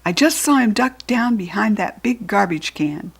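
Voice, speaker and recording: A woman with an American accent voicing a kind, quick-thinking young girl heroine in a storybook reading. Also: medium pitch, animated, vocal fry, slightly rough. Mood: urgent. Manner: eager, encouraging.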